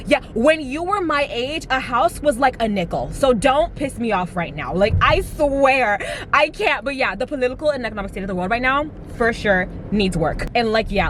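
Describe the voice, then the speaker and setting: A young woman in her twenties talks straight to the camera with a slightly high voice, dramatic and rambling, stuffing her sentences with fillers. She is in a car, and a faint hum of the road sits under her voice. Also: animated, normal speed. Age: 20s. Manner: chatty and dramatic, heavy use of "like", acts out quotes. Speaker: vlogger. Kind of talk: casual chat to camera. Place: inside a car while driving. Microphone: camera mic.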